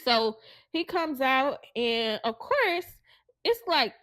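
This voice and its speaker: A woman's voice: high voice, sing-song, slow pace, a bit bright, no echo. A woman who co-hosts a podcast, telling an emotional personal story and acting out the voices of her relatives. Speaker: podcast co-host.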